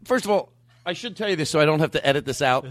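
A man hosting a comedy podcast in a studio with a live band, amped up on coffee, animated and swearing freely as he slips in and out of joke voices. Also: on the high side, fast talker, dry recording. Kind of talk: loose comedic banter.

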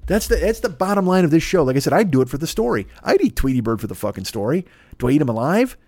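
A man's voice: a little high, very animated, fast talker, darkish tone, dry recording. A man hosting a podcast, delivering a rambling, profane comedic monologue full of restarts and stammers. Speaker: podcast host.

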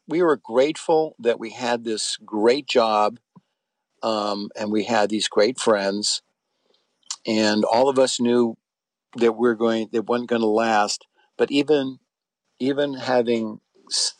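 A man's voice: on the low side, no echo. Man, middle-aged, interview guest, rambling anecdotes, fillers and restarts, dry close sound. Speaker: interview guest, former soap actor. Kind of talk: casual interview storytelling.

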